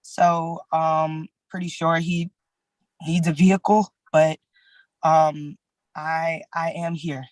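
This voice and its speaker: A woman giving testimony at a court hearing, retelling events in a halting way with many fillers. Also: low voice, flat delivery, a little mellow, no echo, low-quality recording.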